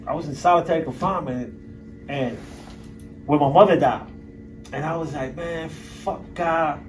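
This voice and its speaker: A middle-aged man giving a candid, blunt talk to an audience as a guest speaker, streetwise and emphatic, with coarse language. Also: on the high side. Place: university lecture room. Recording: voice picked up from a distance.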